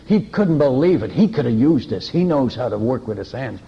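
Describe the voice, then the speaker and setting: A man preaching as a missionary, telling stories in an animated way, chuckling and restarting often. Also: medium pitch, moderate pace, vocal fry, highs cut off. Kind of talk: anecdotal sermon storytelling.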